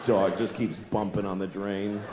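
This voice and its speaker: A man in his forties doing a stand-up comedy set, deadpan and exasperated, who jumps into loud squeaky put-on voices. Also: a little slow. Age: 40s. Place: large comedy venue, audience laughing. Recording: echoey live venue with noise.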